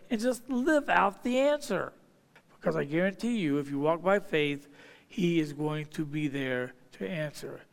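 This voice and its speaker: Emphatic pastor in a reverberant hall. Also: male voice, high-pitched. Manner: emphatic, repeats phrases for stress, swings from loud to hushed. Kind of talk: sermon.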